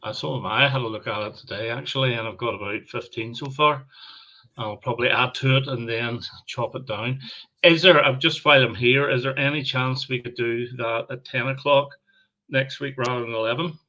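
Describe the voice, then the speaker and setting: A man's voice: medium pitch, steady tone, a little fast, bright, forceful tone, lo-fi sound. A British man co-hosting a live stream, chatting casually and laughing often. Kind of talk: casual chat.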